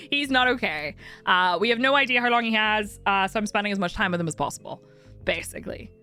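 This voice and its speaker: A woman's voice: medium pitch, normal speed, pushed and bright, smooth, faint music behind. A young woman streaming and chatting casually with viewers, candid and talkative, laughing often.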